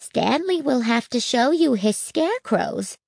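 Woman doing a soft sweet old grandma, calm and kind, slow close storybook read. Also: high-pitched, creaky, husky, dry recording, pitched above the performer's own voice, full character voice. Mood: coaxing. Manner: soft and reassuring. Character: gentle elderly grandmother, soothing and kind.

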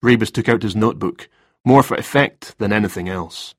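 Audiobook narrator, male, measured, low husky voice, dry close mic. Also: no echo. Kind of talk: scripted narration of a crime novel.

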